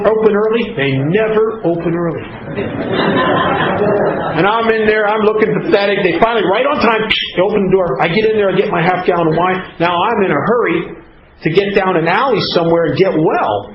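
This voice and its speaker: A man giving a candid, emotional recovery testimony about his drinking days. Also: high-pitched. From Pennsylvania. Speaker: recovery speaker. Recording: echoey lo-fi room with noise.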